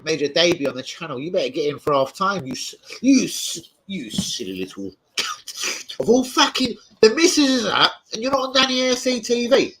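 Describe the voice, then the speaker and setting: An excitable young man runs a live football watch-along. He swears freely and greets his viewers one after another. His voice is bright and forceful, and his pitch swings widely. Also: fairly quick, poor audio. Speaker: football fan channel host.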